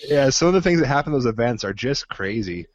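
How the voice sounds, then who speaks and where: A man's voice: mid-range voice, no room sound, highs cut off. A man, a podcast guest, talking in casual chat with loose, rambling storytelling.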